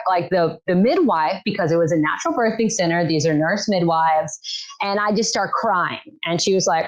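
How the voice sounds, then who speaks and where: A woman's voice: fairly low pitch, normal speed, rough recording. A young woman guest in a casual podcast chat, telling a personal story and acting out what others said. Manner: animated storytelling, acts out quoted voices. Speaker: podcast guest, birth keeper. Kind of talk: casual conversation.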